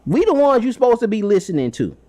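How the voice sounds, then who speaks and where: A man's voice: sits high, big pitch swings, fast talker, mellow, voice pushed up. A man voicing an arrogant male Pharisee who rants in a mocking, dismissive way. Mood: scornful. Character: arrogant male Pharisee, scornful and self-important.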